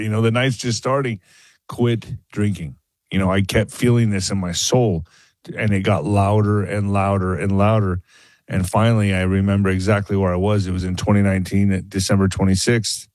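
A man, a former boxer, guest on a radio interview, telling a personal story in a halting way with many restarts. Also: low-pitched, a little mellow, dry recording. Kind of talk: candid phone-in interview.

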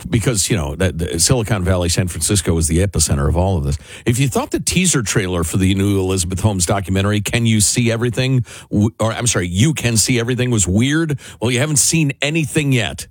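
A man co-hosting a talk radio show, chatting in an animated way about a documentary. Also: on the low side, no echo. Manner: animated, laughs while mocking. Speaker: radio co-host. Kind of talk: casual talk radio banter.

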